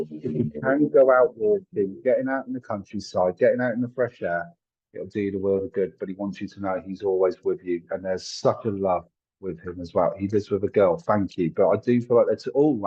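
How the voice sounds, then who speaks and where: A man with a husky, slightly breathy voice gives a live psychic reading. He talks in a chatty, apologetic way, full of fillers and asides. The stream audio sounds dull and lo-fi. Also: lowish voice, darkish tone. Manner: chatty, apologetic, thinks aloud with many fillers. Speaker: psychic medium.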